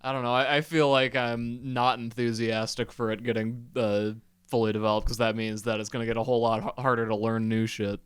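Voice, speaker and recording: A man's voice: mid-range voice, level tone, fairly quick, few pauses, clean tone, no room sound. A young adult man co-hosting a podcast, explaining things in a laid-back casual chat, with many fillers. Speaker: podcast co-host.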